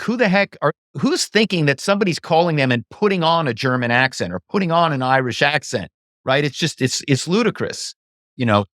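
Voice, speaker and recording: A man's voice: medium pitch, dry recording. A man in an easy interview chat, telling stories with lots of life and scattered asides. His voice sits in a middle range. The recording is dry and close, with no room sound. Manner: storytelling, animated, fillers like "you know" and "right". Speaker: guest, former actor and social engineer. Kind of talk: casual interview conversation.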